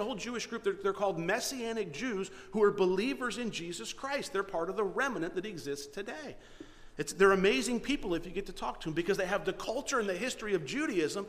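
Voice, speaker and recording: A man preaching a sermon, retelling a story with animated energy and frequent restarts. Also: high voice. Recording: long hall reverb.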